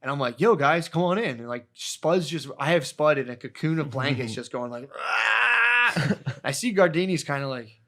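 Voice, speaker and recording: A man's voice: on the high side, brisk. A man hosting a podcast, telling a rambling, profane story and laughing as he goes. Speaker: podcast host. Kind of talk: casual storytelling chat.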